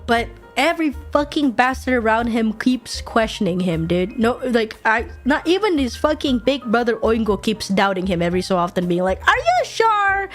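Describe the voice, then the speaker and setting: A woman streamer chatting casually while she draws, animated, swearing freely and laughing often. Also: fairly high pitch. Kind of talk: casual chat while drawing.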